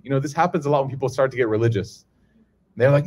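A man's voice: mid-range voice, expressive, rapid-fire, a little mellow. A man giving a conversational religious lesson to a live audience, often checking in with the listeners and acting out the people in his stories. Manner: conversational, keeps checking in with "okay?" and "right?"; acts out quoted people in a raised voice. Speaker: religious teacher. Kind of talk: casual lecture to a live audience.

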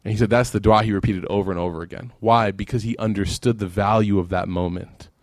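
A man's voice: lowish voice, steady tone, fast talker, darkish tone, dry recording, studio quality. A man giving a sermon, telling a story and then closing in fervent prayer. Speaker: preacher.

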